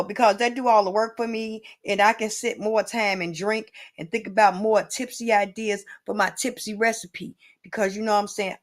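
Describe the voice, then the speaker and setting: A woman hosting an improvised comedy cooking show, rambling in a playful way with asides to the viewer. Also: mid-range voice.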